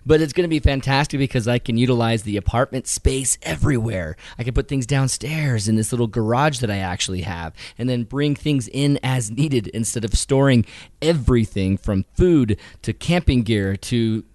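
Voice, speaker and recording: A man co-hosting a casual photography podcast from a small new home studio, animated and quick to laugh, his voice still recovering after an illness. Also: medium pitch, dry recording. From Utah. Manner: animated, laughs often, voices quoted people. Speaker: podcast co-host.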